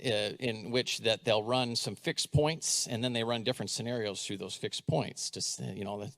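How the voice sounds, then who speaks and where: Giving a talk to a live crowd, a middle-aged school superintendent from the United States acts out dialogue as he tells a story and asks the audience questions. He speaks in a low, creaky voice.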